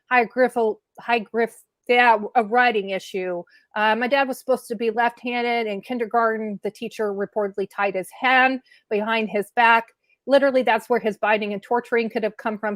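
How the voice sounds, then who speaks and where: Candid woman guest, slightly high voice. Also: no echo. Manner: earnest, candid, talks in quick bursts with fillers. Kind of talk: conversational interview commentary.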